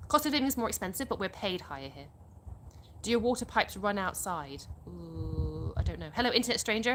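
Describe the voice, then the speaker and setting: A bright, forward-sounding woman, chatting her way through a live stream. She reads viewers' comments aloud and answers each one in a relaxed, talkative way. She is outdoors on a phone mic, with faint noise in the background. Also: mid-range voice. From England. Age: 30s. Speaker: livestream host.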